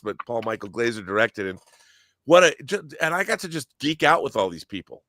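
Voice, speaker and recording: A man telling excited, geeky stories in casual podcast chat, often acting out quotes and restarting his sentences. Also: mid-range voice, brisk, no room sound, clean studio sound. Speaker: guest, audio drama producer.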